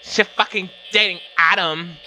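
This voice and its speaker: A man's voice: sits high, fairly even intonation, a little slow, pushed and bright, slight background noise, heavily acted. A man voicing a bratty, foul-mouthed young woman who taunts in a catty way. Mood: scornful.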